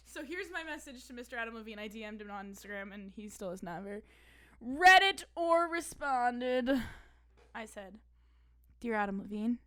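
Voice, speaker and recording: A woman's voice: a little high, lively intonation, moderate pace, pushed and bright, clear, resonant tone. A woman in her twenties from Pennsylvania, co-hosting a casual podcast with a joking, giggly manner and plenty of "like" and "um". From Pennsylvania, USA. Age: 20s. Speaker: podcast co-host. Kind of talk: casual chat.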